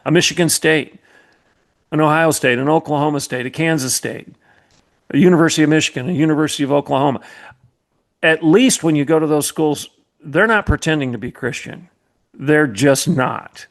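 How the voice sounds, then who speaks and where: A slightly high-voiced middle-aged man talks at a moderate pace. Formerly a college president and now a podcast host, he gives an impassioned monologue of commentary, emphatic and repetitive with a preacherly cadence.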